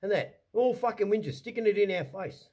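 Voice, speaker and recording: An Australian male vlogger delivers an angry, heated rant to camera, swearing often and repeating himself as he restarts sentences. His voice is high-pitched and a little mellow, husky, at normal speed.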